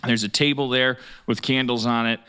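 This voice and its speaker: Bright-voiced man running a tabletop game. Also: mid-range voice, fairly even intonation, clean tone. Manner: halting, searching for words. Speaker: game master. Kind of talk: improvised tabletop narration.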